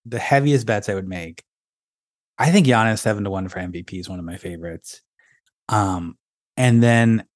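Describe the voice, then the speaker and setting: A man with a fairly low voice co-hosting a sports podcast, talking in a relaxed, opinionated way. The sound is close and dry, with no room around it. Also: no room sound. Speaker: podcast co-host. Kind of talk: casual sports chat.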